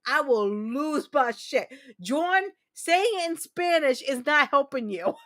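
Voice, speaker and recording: A woman from New Jersey hosting a casual livestream chat, talking in a rambling, profane way and quick to launch into rants. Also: sits high, animated, fairly bright tone. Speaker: livestream host.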